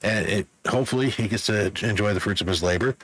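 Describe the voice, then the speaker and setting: Low-voiced man musing through a reaction. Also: fast talker, a bit bright, rough recording. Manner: thoughtful, explains as he goes. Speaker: host reacting to music. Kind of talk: casual reaction commentary.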